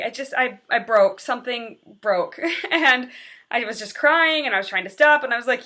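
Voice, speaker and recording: A woman's voice: fairly high pitch, animated, normal speed, pushed and bright. A woman in her twenties, a teacher, talking candidly and earnestly in a personal vlog confession. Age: 20s.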